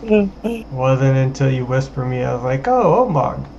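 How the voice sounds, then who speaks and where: Man, casual gaming chat, relaxed, laughs easily, muffled lo-fi sound. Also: mid-range voice, moderate pace, slight background noise.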